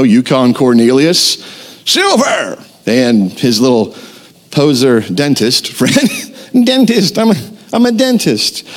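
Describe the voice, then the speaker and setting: A young man preaching a sermon as pastor, telling a story with lively acted-out quotes. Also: fairly high pitch. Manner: animated storytelling, acts out quotes.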